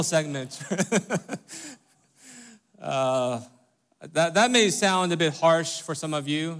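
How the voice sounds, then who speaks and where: A pastor preaching a conversational sermon, emphatic and questioning the congregation in church. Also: male voice, a little high, animated, takes it slowly, a bit bright, clean tone. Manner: emphatic, asks listeners rhetorical questions.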